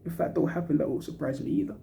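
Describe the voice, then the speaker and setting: A young man lets loose an angry football rant, full of swearing and slang. His voice sits a little high, with a dark, mellow tone. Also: animated, racing, creaky, a little hiss or hum. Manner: frustrated, swearing, slang-heavy ranting. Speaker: football fan reacting to a match. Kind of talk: angry post-match fan rant.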